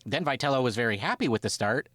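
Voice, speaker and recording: A man co-hosting a casual sports podcast, rambling from point to point and acting out quotes. His voice swings widely in pitch, sitting in a middle register. The sound is dry and close. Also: fast talker, no echo. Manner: animated, rambling, acts out quotes. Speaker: podcast co-host.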